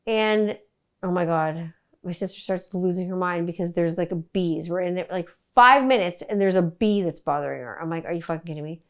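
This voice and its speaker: A woman's voice: lowish voice, moderate pace. A middle-aged woman from Canada hosting a casual solo podcast, telling stories bluntly with plenty of swearing. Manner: blunt, profane, animated storytelling. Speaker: podcast host.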